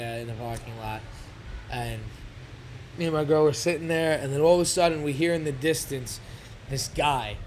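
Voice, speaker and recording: A young man telling a story in a casual podcast chat, animated and rambling, with a lot of swearing. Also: on the high side, slight background noise. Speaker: podcast guest, fighter.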